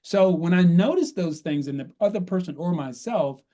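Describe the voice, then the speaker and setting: Mellow man coaching step by step. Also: high voice, animated, normal speed. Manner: explains in numbered steps, often ends with "right?". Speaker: guest coach on workplace conversations. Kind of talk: conversational podcast advice.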